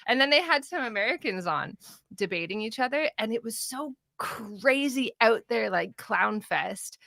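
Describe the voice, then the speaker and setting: A woman's voice: a little high, animated, normal speed, gravelly, pushed and bright, dry recording, clean studio sound. A woman from Canada, chatting animatedly in a casual political discussion, laughing often and mimicking the people she talks about. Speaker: political commentator.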